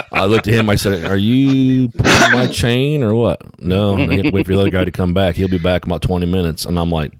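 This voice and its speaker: A man's voice: deep voice, level tone, quick pace. A man co-hosting a casual trucker podcast, telling blunt stories from his working days. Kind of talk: casual storytelling chat.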